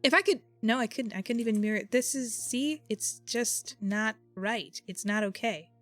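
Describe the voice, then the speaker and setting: A woman's voice: on the high side, normal speed, fairly bright tone, soft background music. A woman streaming a game and chatting with her viewers, thinking aloud in an exasperated way. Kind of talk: casual live-stream chat while playing.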